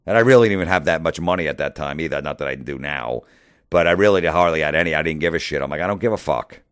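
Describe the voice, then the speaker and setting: Middle-aged new guy ranting about stuff, super low voice, swears a lot, dry close sound. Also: quick pace, fairly bright tone, no room sound. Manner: profane, exasperated, re-enacts conversations. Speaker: comedian podcast host. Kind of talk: ranting monologue.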